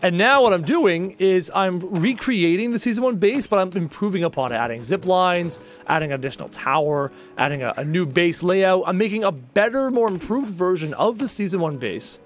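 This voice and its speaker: A man's voice: sits high, animated, a little fast, hardly any pauses. A young man streaming a survival game live, chatting casually with viewers and joking as he plays. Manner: casual, joking, addresses chat as dude.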